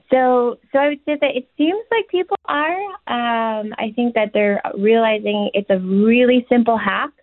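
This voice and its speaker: A woman's voice: mid-range voice, gravelly, no echo. A woman, a nutritionist and chef, giving casual, chatty advice in an interview, with many "you know"s and "um"s. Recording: tinny dry phone line.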